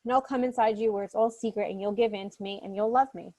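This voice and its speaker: A woman voicing a smooth-talking young male stalker. She reads his lines in a calm, insistent, coaxing way, close to her own speaking voice. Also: mid-range voice, fast, close to an everyday voice. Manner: coaxing, insistent, calmly threatening.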